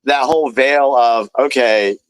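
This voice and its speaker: Lively-voiced man hosting political chat. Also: mid-range voice, measured pace. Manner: reads headlines, then adds offhand comments. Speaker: host.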